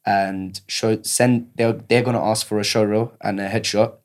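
Low-voiced man giving rambling advice. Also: level tone, normal speed. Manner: repeats words and restarts a lot, slangy. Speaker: actor guest. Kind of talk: casual advice chat.

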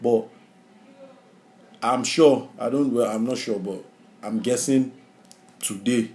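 A man, co-hosting a podcast in casual discussion. He speaks reflectively and haltingly, restarting his phrases. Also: mid-range voice, warm tone. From Nigeria. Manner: reflective, halting, with repeated starts. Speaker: podcast co-host.

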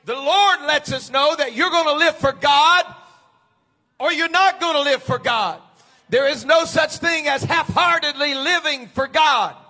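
A man preaching a sermon, moving from quiet teaching to shouted, fervent preaching. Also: very high voice, a little slow.

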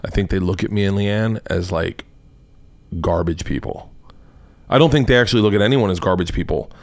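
A man's voice: lowish voice, fast talker, no echo. A man hosting a comedy podcast, rambling and swearing as he riffs on videos he watches. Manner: profane, rambling, laughing. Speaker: podcast host. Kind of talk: casual comedic commentary.

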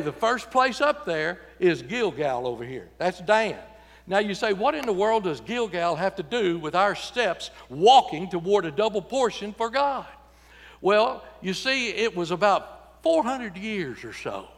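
A man's voice: sits high, in a large hall. A man preaching a sermon in a church, folksy and joking, acting out voices when he quotes people. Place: church sanctuary.

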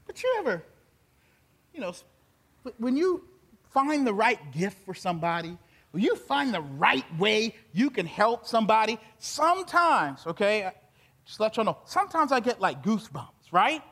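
A male pastor, preaching an animated sermon that swings from soft to loud and grows emotional. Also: high-pitched, normal speed. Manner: gets emotional and laughs while speaking.

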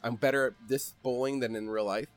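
Animated man rambling about a game. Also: medium pitch, brisk, dry recording, faint music behind. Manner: animated, rambling, laughs while storytelling. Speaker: podcast host. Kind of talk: casual chat.

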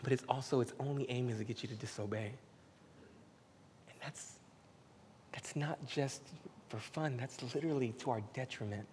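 A man preaching a casual, heartfelt sermon that moves between hushed whispers and loud, emphatic passages. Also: medium pitch, moderate pace, pauses often. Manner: casual, uses "man" and "y'all". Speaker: pastor. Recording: hall with faint background noise.

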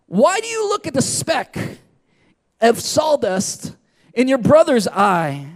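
High-pitched guy preaching, punchy and emphatic, lots of "right?". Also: wildly swooping pitch, slow. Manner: emphatic, repeats "right?" to the audience. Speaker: pastor. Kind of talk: sermon.

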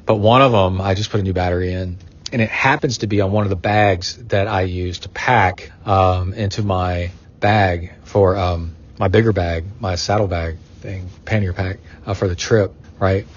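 A man's voice: sits low, fairly even intonation, normal speed, highs cut off. A middle-aged man hosting a podcast in a casual, rambling chat that wanders off on tangents. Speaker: podcast host.

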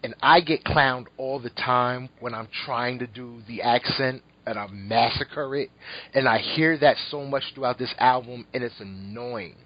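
A laid-back man chatting on a podcast, his voice slightly husky and unhurried, with a loose, rambling delivery. The audio is a bit dull and lo-fi. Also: mid-range voice, dry recording. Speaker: podcast co-host. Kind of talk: casual chat, album review.

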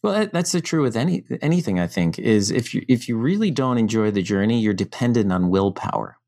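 A middle-aged man from the United States, a podcast guest telling his story in a frank, animated, casual way, swearing now and then. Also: lowish voice, a little fast, dry recording, clean studio sound.

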